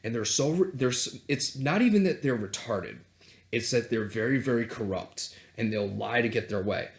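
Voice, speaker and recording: A man's voice: medium pitch, expressive, moderate pace, gravelly. A man on a vlog, ranting heatedly and sarcastically, with plenty of swearing. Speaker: self-help vlogger and coach. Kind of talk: unscripted profane political rant.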